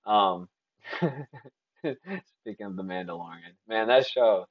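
A man's voice: lowish voice, slow, dry recording, muffled recording. A man from Texas hosting a casual solo podcast, talking in an opinionated, rambling way with frequent restarts. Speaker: podcast host.

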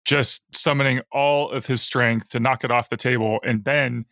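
Podcast co-host, man, bright and forceful tone, dry close recording, quick banter. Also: medium pitch, steady tone, no room sound. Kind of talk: casual chat recapping a TV episode.

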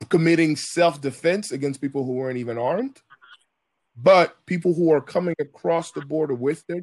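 A man's voice: a little high, dry recording. A man speaking as a guest in a casual podcast chat. He argues his point earnestly, step by step.

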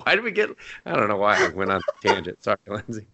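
A man's voice: fairly low pitch, very animated, background noise. A man co-hosting an anime podcast in casual chat, swearing freely and acting out characters' lines. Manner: swears freely, acts out lines in quick put-on voices. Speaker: podcast co-host.

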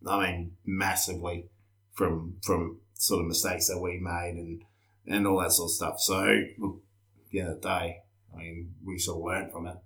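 A man's voice: low-pitched, level tone, moderate pace, echoey room. A man, chatting easily as a podcast guest who laughs often and lets his sentences trail off. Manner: laughs a lot, trails off quietly. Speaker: barbecue competitor, guest. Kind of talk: casual podcast chat.

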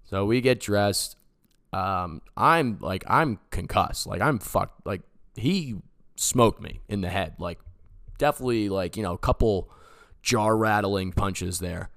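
A podcast host in his twenties speaks unhurriedly in a lowish, gravelly, fairly bright voice, with clean studio sound and no room noise. He tells a personal story casually and loosely, rambling and filling it with "like" and "you know."

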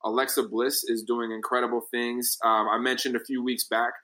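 A man's voice: medium pitch, normal speed. A man chatting casually on a podcast, recapping at length with many fillers and restarts. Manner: rambling, filler-heavy, animated recap. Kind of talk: casual podcast chat about wrestling.

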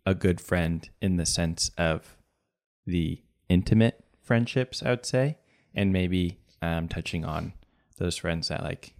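A young man with a deep, low voice talks in a relaxed podcast chat. He thinks out loud, circling back and restarting as he sorts his ideas, with a joking streak. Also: takes it slowly. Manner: reflective, joking. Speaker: podcast co-host. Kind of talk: casual chat.

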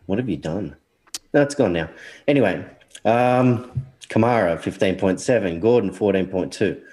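A man's voice: fairly low pitch, expressive, normal speed, a little mellow. A man co-hosting a casual podcast chat with laid-back teasing banter, sounding sniffly and congested. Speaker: podcast co-host.

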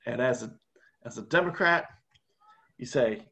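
Male podcast co-host, mid-pitched, animated storyteller in casual chat. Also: measured pace, long pauses, dull audio. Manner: animated storyteller, walks through a game scenario step by step. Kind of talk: casual conversational explaining.

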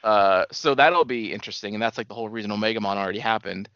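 A man's voice: on the low side, fast talker, no room sound. A man co-hosting a podcast, chatting casually, rambling and hesitant and swearing now and then. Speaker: podcast co-host. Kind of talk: casual chat. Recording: dry, dull lo-fi sound.

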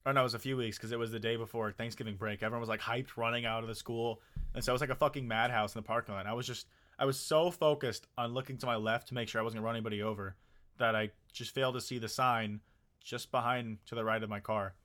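Bright-voiced young man, casual swearing. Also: medium pitch, fairly even intonation, fast. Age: young adult. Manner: laid-back, swears a lot, laughs while telling stories. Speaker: podcast co-host. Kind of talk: casual chat.

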